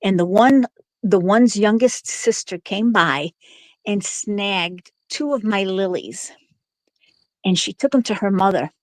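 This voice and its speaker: A woman's voice: mid-range voice, slow, no echo, rough recording. A middle-aged woman telling a long, rambling story in casual chat, laughing often and restarting her sentences.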